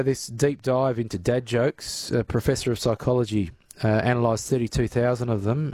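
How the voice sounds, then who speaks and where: A man's voice: fairly low pitch, a little mellow, no room sound, clean studio sound. A man hosting talkback radio, chatting loosely with callers and slipping in lots of "uh"s. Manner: chatty, filler-heavy. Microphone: studio mic.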